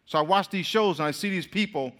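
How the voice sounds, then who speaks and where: A man preaching a sermon to a crowd in a lively, joking way, speaking straight to them. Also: sits high, a little fast. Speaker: pastor. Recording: long hall reverb.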